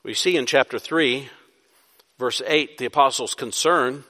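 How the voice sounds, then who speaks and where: Man, pastor, sermon, emphatic rhetorical questions, bright ringing voice, long hall reverb. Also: medium pitch, unhurried. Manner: preaching with rising emphatic bursts and rhetorical questions. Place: church sanctuary.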